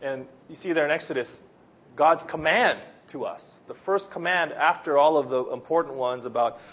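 Husky man preaching. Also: on the high side, moderate pace, fairly bright tone. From Philippines. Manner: earnest, conversational preaching. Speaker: pastor. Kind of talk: sermon.

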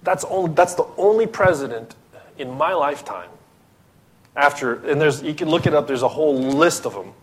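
A man's voice: a little high, expressive, normal speed, slightly rough. A man from the Philippines, preaching a sermon as pastor, emphatic and full of rhetorical questions.

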